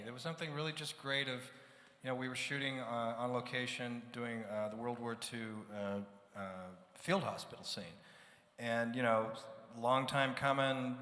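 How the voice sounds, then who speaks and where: A man, a producer, telling a reflective story on a live panel, with frequent pauses and fillers. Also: mid-range voice, bright, forceful tone. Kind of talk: casual panel chat. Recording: echoey hall, live event.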